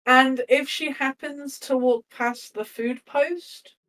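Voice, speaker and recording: A woman's voice: high-pitched, fairly even intonation, slow, a bit bright, recorded from a distance, low-quality recording. A woman playing a tabletop game, chatty and laughing, swearing now and then as she talks through her character's actions. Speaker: player.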